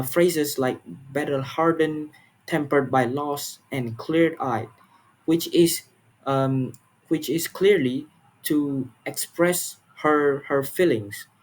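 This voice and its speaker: Husky young student presenting. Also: male voice, a little high. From Malaysia. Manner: earnest and halting, with frequent repeats and fillers. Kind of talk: class presentation.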